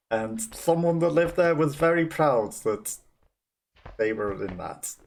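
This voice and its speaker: Chatty Black Country man, lively voice. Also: on the high side, takes it slowly, vocal fry. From West Midlands, England. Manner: chatty, laughs often, self-deprecating. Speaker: gamer. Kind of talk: let's play commentary.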